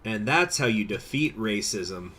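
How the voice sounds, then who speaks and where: A man streaming a strategy game, chatting casually with viewers, rambling, laughing and jumping into high excited bursts. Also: a little slow. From United States. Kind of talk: casual game commentary with chat.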